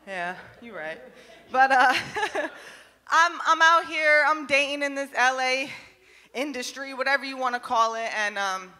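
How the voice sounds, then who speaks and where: Brash young woman comic, high bright voice, loud and profane, club reverb. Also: fairly even intonation, normal speed. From New Jersey. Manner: brash, profane and loud, laughing at her own jokes. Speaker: stand-up comedian. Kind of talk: stand-up comedy set. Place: comedy club stage.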